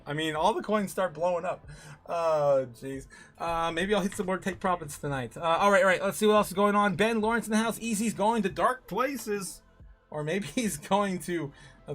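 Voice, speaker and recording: A man hosts a casual livestream, chatting loosely and laughing often. He stumbles through restarts and fillers in a bright, tense voice that sits slightly high. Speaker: crypto livestream host.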